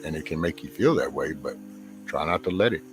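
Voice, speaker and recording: A man with a Texan drawl hosts a loose, rambling chat, clipping his words short as he goes. His voice sits very low. Faint music plays underneath. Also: lively intonation, brisk. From Texas, USA. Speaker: host. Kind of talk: casual chat.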